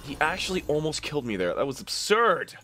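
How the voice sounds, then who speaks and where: Animated, bright-voiced gamer man. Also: a little high, brisk. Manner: swings between mutters and yelled, cursing outbursts. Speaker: gaming YouTuber. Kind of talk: live gameplay commentary.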